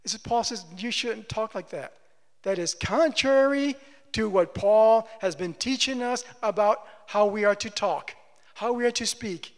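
Male preacher, high voice, emphatic sermon delivery with rhetorical questions, reverberant church hall. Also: a little slow. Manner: emphatic, repeats phrases, asks the congregation questions. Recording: long reverb of a large hall.

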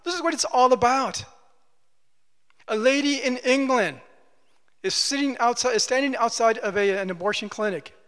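Male pastor, sermon, emphatic repetition, high voice, long reverb. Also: expressive, moderate pace, pauses often, fairly bright tone.

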